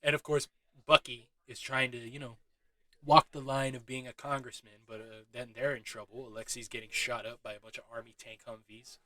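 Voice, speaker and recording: Dude rambling through a movie recap, cursing and laughing a lot, punchy bright voice, super dry sound. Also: male voice, medium pitch, a little fast, no room sound, poor audio. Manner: excitable, swears often, laughs while talking. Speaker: movie reviewer. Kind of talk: casual spoiler recap.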